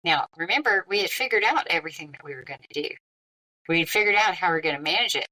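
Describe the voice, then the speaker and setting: A middle-aged woman, a podcast guest, telling a personal story in a lively, conversational way. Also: fairly low pitch, fast talker, distant mic, rough recording. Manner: lively, conversational, with frequent quoted dialogue.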